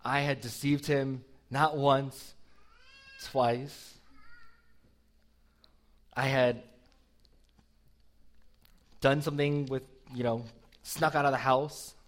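Laughing young pastor telling a story. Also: male voice, medium pitch, flat delivery, extremely slow, long pauses. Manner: casual, self-deprecating storytelling with frequent laughs and fillers. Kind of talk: sermon storytelling.

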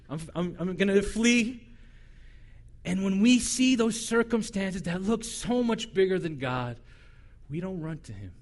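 A male pastor preaching a sermon in a conversational, humorous way, animated and acting out the voices he quotes. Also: on the high side.

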